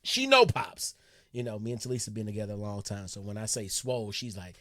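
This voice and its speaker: A man hosting a reaction video, chatting casually in a relaxed, slang-heavy way about his father. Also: lowish voice, a little fast, no room sound, studio quality. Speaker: reaction channel host.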